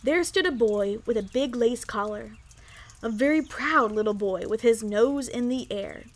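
A woman reading a children's story aloud in an expressive, lively way. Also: a little high, a little slow.

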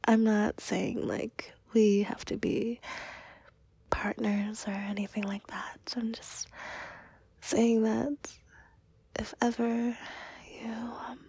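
Breathy whispering woman, slow and flirty. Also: on the high side, level tone, no room sound. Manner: flirtatious and giggly, soft and hesitant. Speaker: audio role-play performer. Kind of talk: whispered role-play.

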